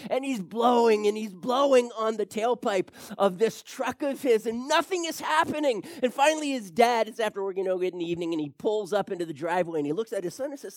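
A man preaching a storytelling sermon in an animated way, swinging his pitch and loudness and tossing chatty asides to his listeners. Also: a little fast, hardly any pauses, dry recording, studio quality.

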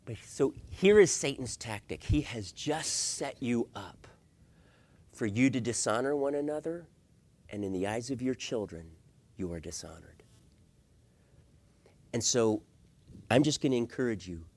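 A middle-aged man preaching a sermon as a pastor, swinging from hushed asides to loud emphatic points and asking rhetorical questions. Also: mid-range voice, lively intonation, measured pace, pauses often.

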